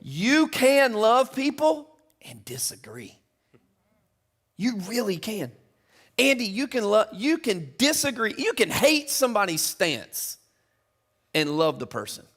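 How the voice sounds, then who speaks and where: A middle-aged man preaching a sermon in a church, chatty and casual, building to loud, emphatic peaks. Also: a little high, lively intonation, normal speed. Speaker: pastor. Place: church auditorium.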